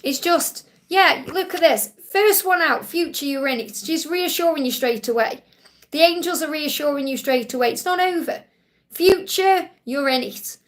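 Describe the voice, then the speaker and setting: A woman's voice: sits high, moderate pace. A woman hosting a live Q&A as a psychic reader, soothing and reassuring, repeating key phrases and often checking in with "okay?". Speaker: psychic reader answering viewer questions. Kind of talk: live-stream Q&A card reading.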